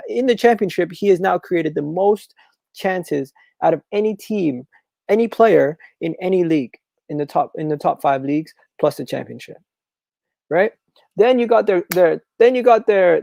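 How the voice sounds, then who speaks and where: A man hosting a live football talk stream, reading viewer comments and repeating his phrases in a chatty, animated way. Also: high-pitched, gravelly, no room sound, poor audio. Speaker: football channel host.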